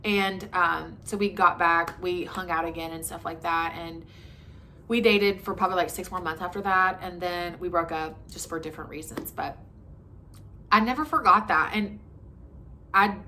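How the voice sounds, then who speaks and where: Speaking candidly into her camera, a vlogger in her twenties recounts something personal, her talk casual and dotted with "likes" and "ums." She sounds low-pitched, steady and sharp at a moderate pace, and there's a little hiss or hum.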